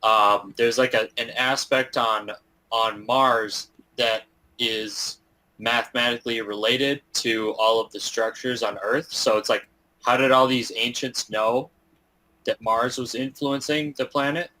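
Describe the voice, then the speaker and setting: A man's voice: medium pitch, steady tone, a little slow, pushed and bright, low-quality recording. A man on a casual live call, talking hesitantly with restarts and fillers. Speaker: participant on a chart analysis call.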